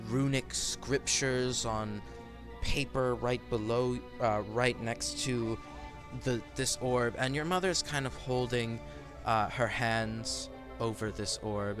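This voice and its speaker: A man's voice: mid-range voice, steady tone, slow pace, music in the background. A man narrating a tabletop game as game master in a loose, rambling way. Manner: loose, rambling, lots of fillers and restarts.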